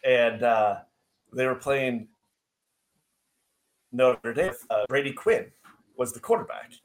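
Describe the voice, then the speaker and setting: A man's voice: mid-range voice, slow pace. A man co-hosting a podcast, chatting casually and telling a funny story with easy laughs. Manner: animated storyteller who laughs easily and says "dude". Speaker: podcast co-host.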